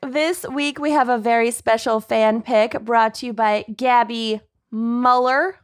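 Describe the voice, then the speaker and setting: A woman's voice: a little high, fairly even intonation, a little slow, smooth. A young woman co-hosting a podcast, chatting casually and laughing often. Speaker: podcast co-host. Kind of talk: casual chat.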